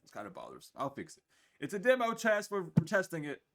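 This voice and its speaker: A man's voice: high-pitched, fast talker, very noisy. A man in his twenties giving a casual spiritual reading to camera, blunt and profane, tired and with the hiccups. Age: 20s. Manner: blunt, profane, animated, acts out other people's voices. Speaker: tarot reader. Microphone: camera mic.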